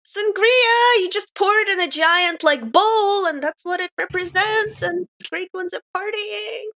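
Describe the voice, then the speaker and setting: A woman co-hosting a podcast in casual chat, excitable and prone to wandering off onto tangents. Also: extremely high pitch, measured pace. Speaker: podcast co-host.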